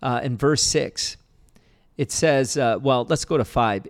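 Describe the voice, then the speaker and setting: A man with a gravelly, mid-pitched voice talks through a teaching as a pastor. He speaks earnestly and conversationally, restarting phrases and repeating himself as he builds a point. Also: measured pace. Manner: earnest, repetitive, many restarts.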